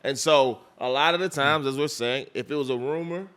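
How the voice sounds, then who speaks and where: A man, a record label executive, talking in a casual interview, animated and restarting his phrases often. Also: mid-range voice, a little fast, clear, resonant tone.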